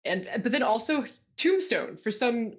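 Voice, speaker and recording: Animated storyteller from California on dull lo-fi audio. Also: mid-range voice, unhurried. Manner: animated, laughing, self-deprecating. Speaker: guest author. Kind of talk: casual interview storytelling.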